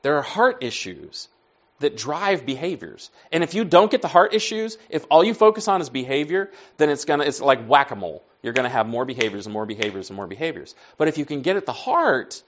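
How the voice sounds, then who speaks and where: In a slightly high voice, a man preaches a sermon like he's telling a story in conversation, acting out dialogue and slipping into soft asides. The recording is lo-fi.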